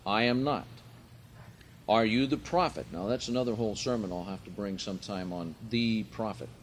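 A man preaching a sermon, reading scripture aloud and explaining Greek words, rising in pitch and volume for emphasis. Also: normal speed, slight background noise.

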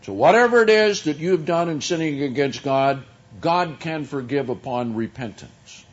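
A man preaching a sermon, teaching from scripture in a slow, deliberate way with drawn-out emphasis. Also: a little high, animated, dull audio.

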